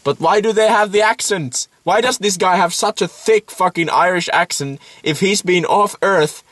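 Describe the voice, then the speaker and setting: A man's voice: high voice, normal speed, a bit bright, no echo. Sarcastic swearing man in podcast banter. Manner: sarcastic, swearing, jokey asides. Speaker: podcast co-host. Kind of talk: casual chat.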